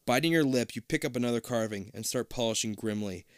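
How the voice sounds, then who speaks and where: A man's voice: mid-range voice, fast talker, no room sound, clean studio sound. A man reading a choose-your-own-adventure book aloud casually, swearing and joking between passages. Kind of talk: casual comedic read-aloud.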